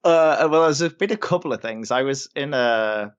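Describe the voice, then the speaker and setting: A man's voice: mid-range voice, expressive, normal speed, clear, resonant tone, highs cut off. A man, a voice actor guest, telling anecdotes in a casual podcast interview, laughing often and sounding self-deprecating.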